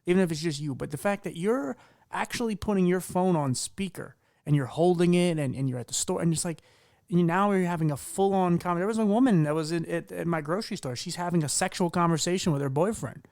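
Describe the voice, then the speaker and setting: A man hosting a casual podcast, talking in a loose, rambling way full of "like" and restarts. His voice sits a little high for a man. The sound is dry and close, with no room in it. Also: fast talker, a little mellow, no echo. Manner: rambling, filler-heavy storytelling. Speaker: podcast host.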